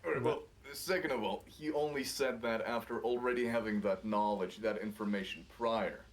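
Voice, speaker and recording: A man's voice: on the low side, normal speed. A man with a Russian accent chatting casually while gaming, swearing, laughing and acting out stories. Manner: swearing, laughing, lively storytelling with imitated voices. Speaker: co-player.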